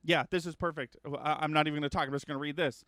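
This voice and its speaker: A man hosting a casual gaming news chat, rambling with lots of ums and uhs and correcting himself, getting excited about upcoming games. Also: a little high, very fast, dry recording, clean studio sound. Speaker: gaming news show host.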